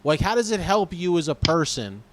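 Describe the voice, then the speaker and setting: A comedian guest on a podcast, talking casually and halting often, repeating words as he searches for them. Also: on the high side, very animated, a bit bright. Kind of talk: casual conversation.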